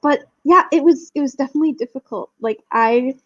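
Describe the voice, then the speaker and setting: A woman's voice: high voice, a little fast, a bit bright. A young woman from Wisconsin, a podcast guest, talking animatedly with frequent laughs and restarts. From Wisconsin, United States. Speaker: podcast guest, Spanish teacher. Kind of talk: casual interview chat. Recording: dull lo-fi sound.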